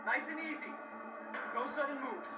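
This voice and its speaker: A man's voice: very high voice, moderate pace, roomy sound. An actor playing a male police officer who barks commands at a suspect, heard as distant film audio. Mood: coaxing. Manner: barking commands. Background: film soundtrack music.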